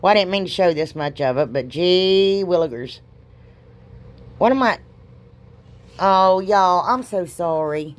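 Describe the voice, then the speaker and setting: A woman's voice: fairly low pitch, lively intonation, a little slow, pauses often. A middle-aged woman, rambling and joking at herself as she narrates a craft project with folksy exclamations. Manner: chatty, rambling, self-deprecating, folksy exclamations. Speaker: craft video host. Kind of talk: casual crafting voice-over.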